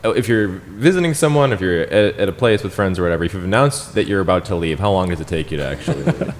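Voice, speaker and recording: A man co-hosting a podcast, chiming in with quick follow-up questions in casual chat. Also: low voice, sing-song, big-room sound, a little hiss or hum.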